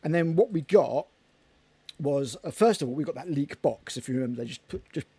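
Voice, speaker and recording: A man's voice: fairly high pitch, lively intonation, fairly quick, dark tone, breathy edge, no room sound. A man co-hosting a casual hobby podcast, rambling and chatty with casual swearing. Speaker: podcast co-host. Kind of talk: casual chat.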